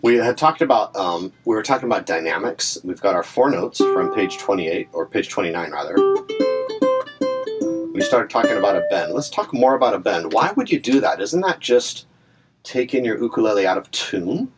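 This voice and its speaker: A man's voice: fairly low pitch, expressive, normal speed, music in the background. A man teaching ukulele in a casual, chatty way, talking through examples with fillers and asides. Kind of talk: casual instructional talk. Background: ukulele playing between phrases.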